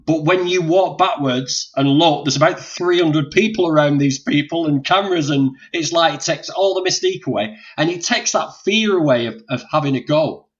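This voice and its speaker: A man's voice: fairly high pitch, normal speed, few pauses. Chatty male host on dull stream audio. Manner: encouraging, chatty, rambling. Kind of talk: casual live chat. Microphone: video call.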